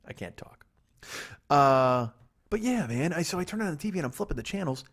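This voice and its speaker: A man's voice: on the high side, expressive, fairly quick. A man doing a rambling comedic podcast monologue, profane and sardonic, recorded in a house where he is staying. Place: guest room in a friend's house.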